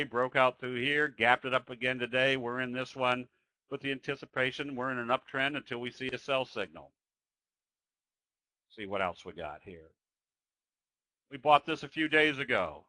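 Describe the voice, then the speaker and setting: A man's voice: mid-range voice, pushed and bright, no room sound, low-quality recording. A man teaching trading in a webinar, talking through charts in a folksy, conversational way with frequent "uh" fillers. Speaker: trading educator.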